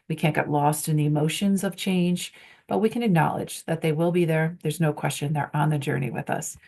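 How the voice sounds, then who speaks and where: A woman presenting on workplace change in a low, gravelly voice. She asks one rhetorical question after another, with plenty of ums between them. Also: a little mellow. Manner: poses strings of rhetorical questions with frequent ums. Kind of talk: conference presentation.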